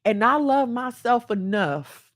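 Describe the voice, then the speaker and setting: A woman's voice: a little high, animated, slow pace. A woman giving heartfelt self-help advice as a mother, speaking earnestly and acting out the voices she quotes. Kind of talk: candid self-help monologue.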